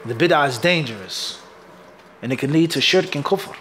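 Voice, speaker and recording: High-voiced emphatic male Islamic teacher. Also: expressive, moderate pace, a bit bright, a little hiss or hum. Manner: call-and-response questioning, asks "what?" for the class to fill in; emphatic, punchy delivery. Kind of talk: hadith lesson to students.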